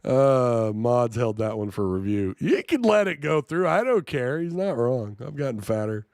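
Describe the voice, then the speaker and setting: A man's voice: mid-range voice, sing-song, moderate pace, a little mellow, no room sound, clean studio sound. A man hosting a live-streamed sports talk show, reading chat and reacting in an incredulous, jokey way.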